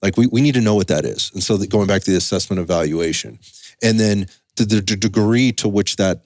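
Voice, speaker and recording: A man's voice: on the low side, a little fast, a little mellow, no echo, clean studio sound. A man hosting a casual podcast chat as a strength coach, talking emphatically with frequent restarts and rambling asides.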